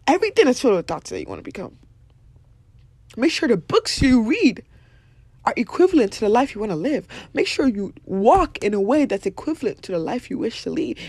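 A young woman hosting a podcast, giving blunt, animated motivational talk, swearing freely and laughing often. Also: fairly high pitch, fairly quick, breathy edge, no room sound. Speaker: podcast host.

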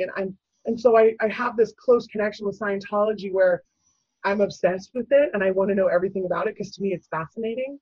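A woman with a husky, breathy voice tells her story in a lively, candid way, full of fillers, and she acts out the voices of other people. The recording is dry and a little dull, like lo-fi audio. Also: mid-range voice, dry recording. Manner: animated, acts out quoted voices, many fillers. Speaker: guest.

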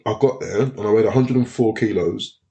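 A fighter sits in for a loose, casual chat. His voice sits low, and he tells his stories in an animated, sweary way, laughing as he goes. He acts out the people in them as he talks. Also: fairly quick. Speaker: MMA fighter guest.

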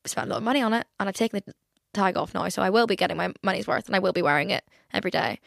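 A woman's voice: medium pitch, racing, creaky, dry recording, clean studio sound. Chatty young woman podcaster. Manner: chatty, frequent "like" fillers, swears casually. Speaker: podcast host. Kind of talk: casual solo chat.

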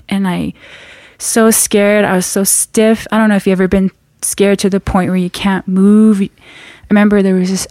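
A woman telling a frightening personal story in an earnest, halting way, often restarting her sentences. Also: mid-range voice, mellow, no room sound, studio quality.

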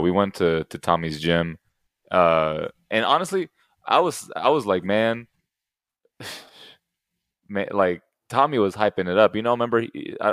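A young man co-hosting a podcast in casual chat, telling animated stories and acting out the people he quotes. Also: lowish voice, clear, resonant tone, dry recording, studio quality. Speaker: podcast co-host.

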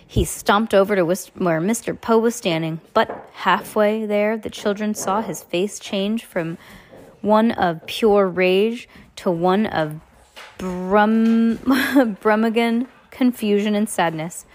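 A woman reading a novel aloud, brisk, with frequent slips and restarts. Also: medium pitch, darkish tone. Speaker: audiobook reader.

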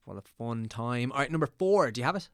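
A man's voice: mid-range voice, expressive, quick pace, noisy background. A man from Ireland, hosting a casual podcast chat and asking rambling, hesitant questions. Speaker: podcast host.

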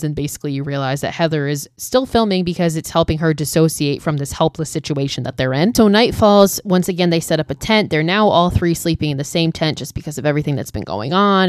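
A woman with a notably low voice chats her way through a story. Her talk is loose and full of "like" and swearing, recorded dry and close with no room sound. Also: lively intonation, brisk, hardly any pauses, no echo. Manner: chatty, heavy use of "like" and frequent swearing. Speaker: vlogger recapping a horror film. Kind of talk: casual storytelling recap.

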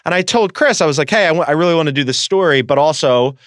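A man's voice: on the high side, animated, fairly bright tone, no room sound, studio quality. Chatty male sports podcast host. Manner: chatty, laughs easily, quick asides. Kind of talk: casual sports podcast chat. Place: studio.

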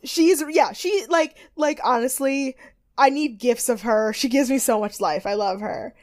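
A young woman chatting loosely as a podcast co-host, her voice sitting a touch high. She rambles and giggles, trips over her words, and slips into quick impressions of the people she is talking about. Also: a little mellow. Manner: rambling and giggly, with lots of fillers and acted quotes. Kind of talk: casual chat recapping a TV show.

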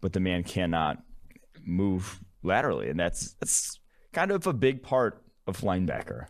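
A man with a very low voice co-hosting a sports podcast. He talks in a relaxed, wry way and lays out his analysis in detail. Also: gravelly. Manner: wry, analytical, quick to explain. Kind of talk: casual sports podcast chat.

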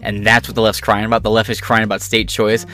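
A man's voice: on the low side, completely flat delivery, quick pace, sharp tone. A man rants through a reaction commentary, swearing freely and leaning on sarcasm. His tone is combative and direct, addressing the listener head-on. Faint music sits in the background. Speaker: political commentator.

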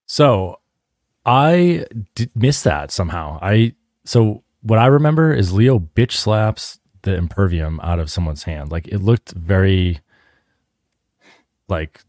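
A man's voice: low-pitched, animated, slow pace, a little mellow, no echo, studio quality. A man co-hosting a podcast, chatting casually with many filler words. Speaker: podcast co-host. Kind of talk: casual chat.

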